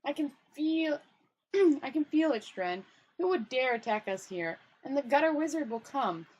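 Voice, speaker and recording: Woman reader doing a calm, pleasant, self-assured thief boss, little change from her own voice. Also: sits high, normal speed, slightly rough, low-quality recording. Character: calm, smug male thief master. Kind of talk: storybook reading.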